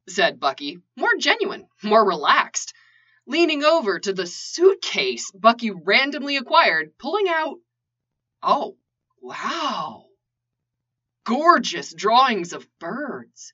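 Woman reader, playful storytelling, bright lively voice, dull lo-fi sound. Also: fairly high pitch, slow pace, slightly rough. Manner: playful, animated, asides. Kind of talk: storytelling narration. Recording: lo-fi dull recording.

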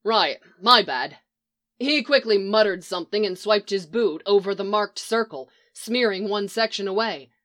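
A woman narrating a piece of fiction in a steady storytelling read. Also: mid-range voice, normal speed, few pauses. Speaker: reader.

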